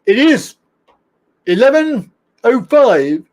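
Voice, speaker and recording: A man's voice: very high voice, big pitch swings, slow, a little mellow. A man hosting a casual live stream show, chatty and rambling, greeting viewers and laughing at his own slips. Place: home studio, in Thailand.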